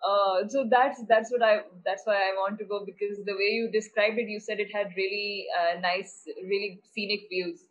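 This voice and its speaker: A woman's voice: mid-range voice, fairly even intonation, normal speed, few pauses, highs cut off. A woman chatting casually as a workshop participant on a video call, friendly and a little hesitant.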